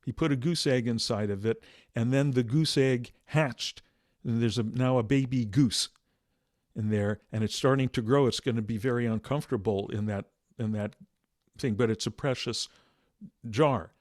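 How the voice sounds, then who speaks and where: A man voicing an earnest, puzzled male government official who slowly asks a riddle. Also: mid-range voice, darkish tone, dry recording, clean studio sound, close to an everyday voice.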